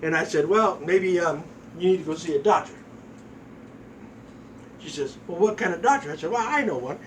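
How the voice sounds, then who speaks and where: Older man, high voice, swearing joke-teller, distant mic, faint background hiss. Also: moderate pace. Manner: profane, folksy storytelling, acts out voices. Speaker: comedian telling jokes. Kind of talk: crude joke telling.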